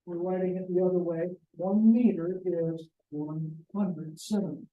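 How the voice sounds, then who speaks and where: A man's voice: high-pitched, steady tone, normal speed, roomy sound, recorded from a distance, phone-quality sound. A man teaching a math lesson to a class, joking and talking to the students directly. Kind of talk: classroom lecture.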